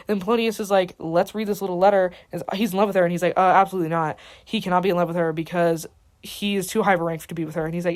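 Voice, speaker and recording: A young woman races through a casual, slang-filled retelling for a class assignment. She talks fast, at a middle pitch, and dips briefly into the characters' voices. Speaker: student. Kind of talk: casual summary for a school assignment.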